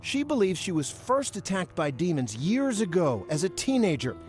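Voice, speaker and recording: A man narrating a television news report in a measured, dramatic reporter's voice. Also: high-pitched, very animated, darkish tone, soft background music. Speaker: news correspondent and interviewer.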